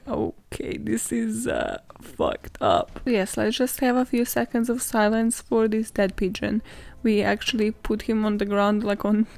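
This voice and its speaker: A podcast host speaks in a warm, gravelly, medium-pitched voice. Telling stories solo on her own show, she's casual, sarcastic and sweary, laughing often and dramatizing as she acts out quotes.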